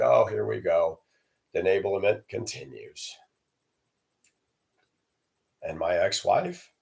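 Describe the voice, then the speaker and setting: A man's voice: medium pitch, vocal fry. A man telling a sarcastic, profane story as a ranting monologue to camera. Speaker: vlogger.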